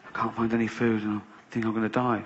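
A man's voice: lowish voice, little pitch movement, quick pace, slight background noise, pitched below the performer's own voice, close to an everyday voice. A man voicing a lazy male mouse who is cold and hungry, pleading weakly in a stand-up bit. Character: lazy, carefree young male mouse, now starving. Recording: slightly dull live recording.

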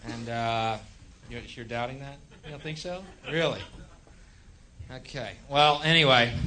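A man doing live stand-up comedy, ranting in a profane, sardonic way that swings from mutters to shouts. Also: mid-range voice, background noise. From United States. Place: comedy stage.

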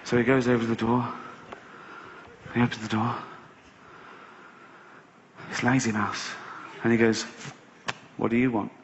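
A man's voice: mid-range voice, little pitch movement, unhurried, long pauses, slight background noise. A man doing stand-up, telling a rambling, sweary story with sarcastic asides. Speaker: stand-up comedian. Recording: slightly dull live recording.

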